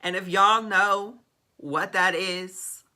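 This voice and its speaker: This young vlogger drawls his way through a story told directly to camera, delivering it dramatically and expressively with plenty of swearing. He speaks slowly in a high, bright, sharp voice.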